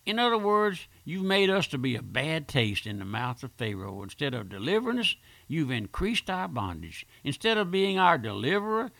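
A man preaching a radio sermon with fervor, using rhetorical questions and driving repetition. His voice is fairly high and bright, and it swings widely in pitch. The sound is close and dry. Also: no room sound. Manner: fervent preaching, rhetorical questions, repeated phrases. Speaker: pastor and radio host.

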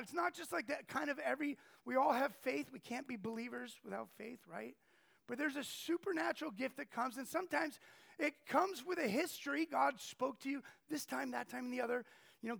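A man delivers a storytelling sermon in a strikingly high voice with heavy, gravelly fry. He keeps things animated, jumping into the voices of the people in his stories. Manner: animated, acts out quoted people. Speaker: preacher.

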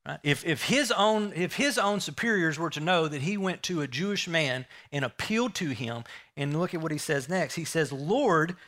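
A man's voice: on the high side, animated, moderate pace, hardly any pauses, fairly bright tone. A man preaching a sermon, emphatic, repeating key phrases and asking the listeners rhetorical questions.

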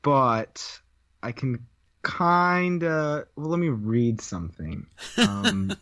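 A man's voice: fairly high pitch, sing-song, very slow, creaky, a bit bright. A young man, a voice actor guest, laughing and easygoing in a casual interview. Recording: dull lo-fi sound.

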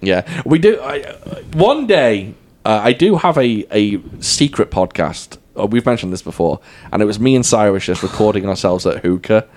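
British male podcast host, lively and jokey, deadpan delivery. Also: on the low side, moderate pace, hardly any pauses. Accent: British English. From England. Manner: animated, jokey storytelling with deadpan asides. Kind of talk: casual podcast chat.

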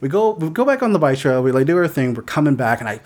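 A man's voice: a little high, quick pace. Guy on a podcast ranting about his day, cusses a lot, voice jumps all over. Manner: animated, profane, mock-yelling in retellings. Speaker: podcast co-host. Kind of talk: casual storytelling chat.

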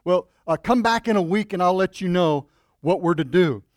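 A man doing a young chief, nervous, stammering, fairly high voice. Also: animated, normal speed, no echo, studio quality. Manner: anxious, hesitant, stammering.

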